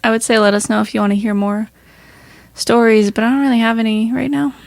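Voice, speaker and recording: Hoarse, chatty woman podcaster. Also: fairly high pitch, level tone, fast talker, dry recording. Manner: laughs often, rambling and chatty. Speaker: podcast co-host. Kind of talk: casual chat.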